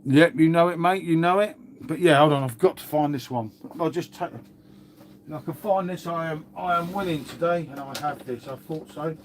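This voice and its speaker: Chatty man, higher voice. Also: normal speed, a little hiss or hum. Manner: chatty, rambling, calls viewers "mate". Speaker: livestream host reading chat. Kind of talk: casual live chat.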